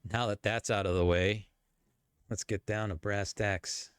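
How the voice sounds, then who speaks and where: A man giving casual reaction commentary as a YouTube commentator, chatty and animated. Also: lowish voice, a little slow, clear, resonant tone, no room sound. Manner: animated, chatty, breaking into laughs and voices.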